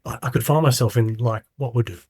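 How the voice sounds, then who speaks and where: Give me a man in a casual interview, mid-pitched, close and dry, retelling events with quoted voices. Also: brisk, dark tone, husky, no room sound. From Australia. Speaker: guest.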